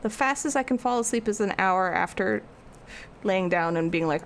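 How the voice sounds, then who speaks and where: A woman's voice: medium pitch, normal speed, slight background noise. A young woman art streamer rambling casually as she answers her live chat.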